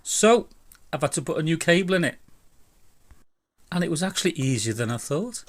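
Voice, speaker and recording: A man's voice: on the high side, expressive, normal speed, no echo. A man, casually talking through his own bike repair in a vlog, chatty, blunt and self-mocking. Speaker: DIY e-bike vlogger.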